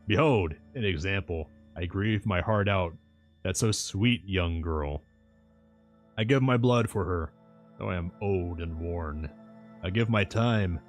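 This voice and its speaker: A man voicing a deep-voiced old rambling professor. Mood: grieving. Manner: archaic broken-English phrasing.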